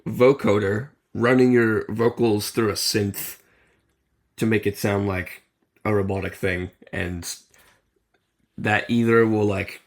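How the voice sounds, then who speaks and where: A man's voice: fairly low pitch, fairly even intonation, slow. A man co-hosting a podcast in casual chat, rambling and explaining at length with many fillers. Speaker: podcast co-host.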